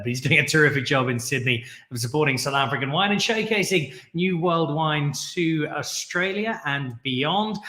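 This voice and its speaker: A chatty, upbeat man hosts a live wine show and introduces his guests with jokes. His voice is bright and a little high for a man. The sound carries a roomy echo. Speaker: show host.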